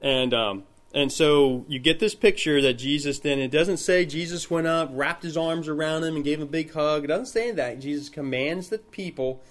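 A man leading an informal Bible study, talking in a relaxed, conversational way and acting out the people in the story. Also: a little high, moderate pace, hardly any pauses. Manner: conversational, retells scenes in acted quotes.

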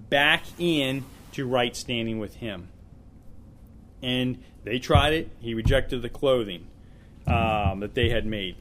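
A man's voice: mid-range voice, slight background noise. A man leading a small-group Bible study in an informal teaching style, earnest and often repeating words as he thinks aloud.

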